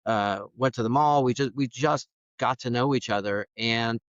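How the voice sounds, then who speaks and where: Animated middle-aged man telling stories. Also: medium pitch, moderate pace, dry recording. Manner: animated, acts out quoted dialogue. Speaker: podcast guest, foster parent. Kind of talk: personal storytelling in an interview. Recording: dull, dry studio sound.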